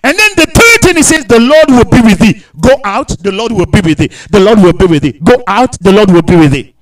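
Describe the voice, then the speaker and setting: Brief: male preacher, high lively voice, repeats and shouts for emphasis. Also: brisk, low-quality recording. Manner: emphatic, repetitive preaching with sudden shouts and hushed asides; speaks in tongues between points. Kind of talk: sermon.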